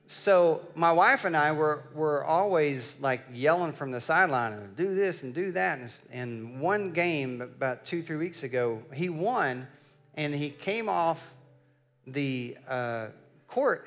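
A middle-aged man preaching in a bright, forceful voice that sits a little high for a man. He moves from casual storytelling to loud, emphatic declarations. Faint music plays underneath. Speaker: pastor. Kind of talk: sermon.

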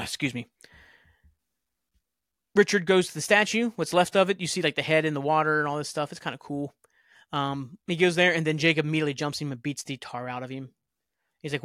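A man's voice: on the high side, normal speed, fairly bright tone, no room sound, studio quality. A young man hosting a podcast, casually recapping a TV episode with rambling, offhand asides. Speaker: podcast host.

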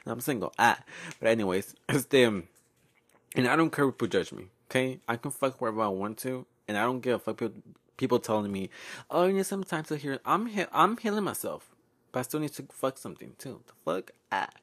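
A man's voice: medium pitch, expressive, a little fast, fairly bright tone. A young man, hosting a podcast in a sassy, profane, laugh-filled casual monologue. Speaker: podcast host.

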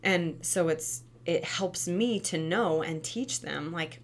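A woman in her thirties, a former preschool teacher and mom, giving parenting tips in a chatty, animated way, often asking "right?". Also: fairly low pitch, slow, hardly any pauses. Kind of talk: casual advice talk.

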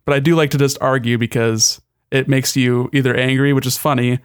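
Fast-talking level-headed young man. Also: medium pitch, flat delivery, smooth, dry recording. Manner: level-headed, dry, teasing. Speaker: podcast co-host. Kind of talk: casual chat.

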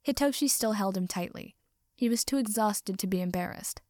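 A woman reading a story aloud with expressive narration. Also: mid-range voice, moderate pace, no room sound, clean studio sound. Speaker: audiobook reader. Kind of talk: reading fan fiction aloud.

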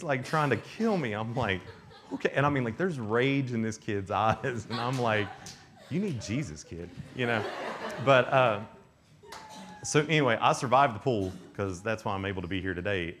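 A young man delivers a youth camp sermon in a lively storytelling way. He slips into voices for the people in his stories and laughs often along the way. His pitch sits in the middle for a man. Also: slight background noise. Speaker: youth speaker.

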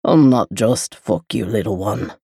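A woman voicing a menacing, brooding Scottish man with a deep, dark, growled voice. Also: a little slow, gravelly, husky, dry recording, studio quality, heavily acted. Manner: low, threatening delivery.

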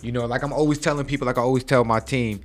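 Over soft background music, a man in his forties speaks very fast with a medium pitch and steady tone. Hosting a casual podcast chat, he gives a preachy motivational talk and keeps asking "okay?".

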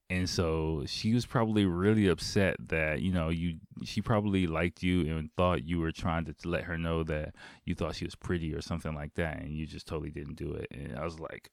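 A man's voice: extremely low pitch, fairly even intonation, normal speed, gravelly, no echo, clean studio sound. A man casually telling a rambling late-night story as a podcast host, full of fillers like "um" and "like", with offhand swearing.

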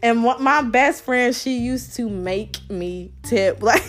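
A woman's voice: fairly high pitch, slow, soft background music. A woman hosting a podcast in candid casual chat. She is blunt and frank, speaks her mind and laughs often. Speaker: podcast host.

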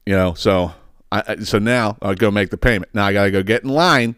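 A man's voice: fairly low pitch, quick pace, a bit bright, clear, resonant tone, dry recording, clean studio sound. A man hosting a podcast, telling a story as a profane, exasperated rant that rambles and repeats words. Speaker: podcast host.

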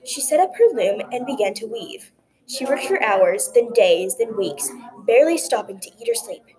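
A woman tells a folktale in a gentle, expressive storytelling voice. Her pitch sits fairly high, and steady crowd chatter carries along behind her. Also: normal speed, rough recording. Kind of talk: folktale reading.

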